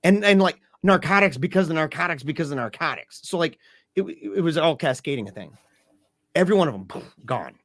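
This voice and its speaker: A man's voice: fairly high pitch, animated, a little fast, no echo. Guy telling a hard story on a podcast, super emphatic, keeps saying dude, dry close mic. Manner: emphatic, peppered with "dude" and "man". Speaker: podcast guest, grieving father. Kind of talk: casual emotional storytelling. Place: lives in Michigan.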